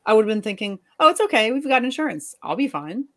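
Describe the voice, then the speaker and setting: A woman's voice: mid-range voice, animated, quick pace, natural voice. A woman in a live reading, voicing an angry, sarcastic wife and mother scolding her husband. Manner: sharp, sarcastic.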